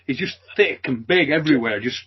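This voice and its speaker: A man's voice: medium pitch, lively intonation, a little fast, breathy edge. A male interviewer hosting a casual chat, joking and laughing often, calling his guest "mate" and "son". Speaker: interviewer and channel host. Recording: muffled lo-fi audio.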